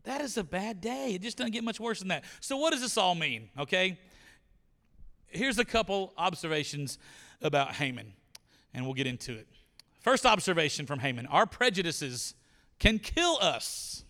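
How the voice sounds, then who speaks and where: Man, pastor, lively story sermon, high bright voice, church-hall reverb. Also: normal speed. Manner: animated storytelling, acting out characters.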